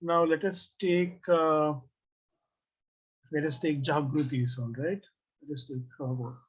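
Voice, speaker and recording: Husky-voiced design teacher on a video-call mic, asks the class questions and reads out their comments, mid pitch. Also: fairly even intonation, takes it slowly, rough recording. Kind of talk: online class review.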